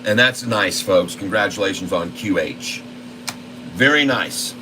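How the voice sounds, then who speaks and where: A man hosting a trading channel, commentating live on his trades in a folksy, excitable way and constantly talking to his viewers. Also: fairly low pitch, measured pace, background noise. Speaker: stock trading channel host.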